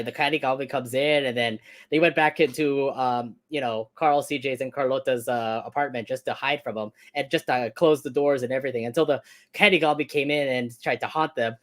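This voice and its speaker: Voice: mid-range voice, fairly bright tone. A co-host of a fan stream, rambling through a casual cartoon episode review and putting questions to the other host.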